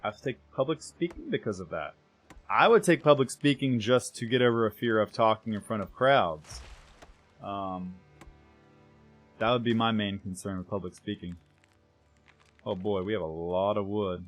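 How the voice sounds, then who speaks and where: A man's voice: fairly low pitch, normal speed, long pauses. A young American man chatting casually with viewers while streaming a game, rambling and correcting himself as he goes. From United States. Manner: rambling, self-correcting, trails off softly.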